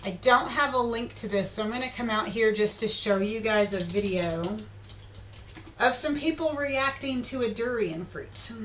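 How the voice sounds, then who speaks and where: A woman teaching an online lesson in a chatty, informal way, with plenty of filler ums. Her voice sits a little high. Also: normal speed, fairly bright tone, slight background noise.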